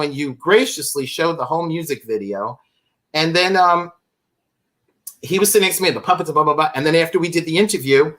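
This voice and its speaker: As a guest on a live stream, a man who founded a fan club tells a long, rambling anecdote with animated energy, cutting himself off and laughing as he goes. His voice is a little high and a bit bright.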